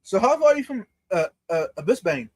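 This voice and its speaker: A man's voice: very high voice, dry recording. A man hosting a live stream, chatting casually, stumbling over words and laughing a lot. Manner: lively, halting, laughs a lot.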